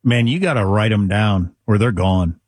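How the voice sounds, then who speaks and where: A man's voice: lowish voice, normal speed, dry recording, clean studio sound. A man co-hosting a talk radio show, chatting in an easygoing, conversational way. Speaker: radio co-host. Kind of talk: casual talk radio chat.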